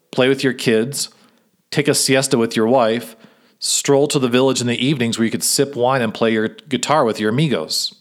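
A man reading a story aloud and voicing a pushy, self-assured male businessman who lectures in a brisk way. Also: mid-range voice, lightly acted.

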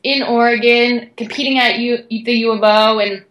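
A young woman guest, an athlete, telling a story in an excited, chatty way with many "like"s. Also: a little high, normal speed, roomy sound, dull audio. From Canada. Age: young adult. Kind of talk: animated storytelling.

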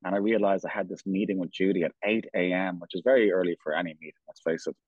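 Rambling Irish man, low and dry. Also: steady tone, breathy edge, no echo, phone-quality sound. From Ireland. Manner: rambling, halting, many restarts and fillers. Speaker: company founder, guest. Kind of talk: casual storytelling interview.

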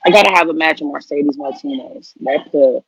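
A woman in her thirties who wrestles professionally chats playfully and casually in an interview, packing her talk with slang. Her voice is deep, creaky and husky, and she speaks a little fast. The recording is dry, with dull lo-fi audio.

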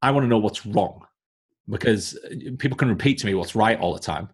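A man's voice: lowish voice, expressive, fairly quick, husky. A man with a Northern English accent, a coaching mentor explaining his views bluntly in a casual podcast conversation. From Northern England. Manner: blunt, lecturing with examples. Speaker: coaching business mentor, guest.

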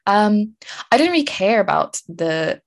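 A young woman from Ireland hosting a casual solo podcast, telling stories in a chatty, animated way with frequent laughs. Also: mid-range voice, a little slow. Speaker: podcast host.

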